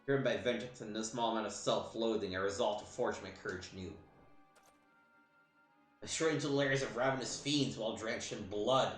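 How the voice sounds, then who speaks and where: A man's voice: lowish voice, a little fast, echoey room, faint music behind, natural voice. A man reading aloud as a bitter, boastful disgraced lancer villain in a video game, in a theatrical, scornful way.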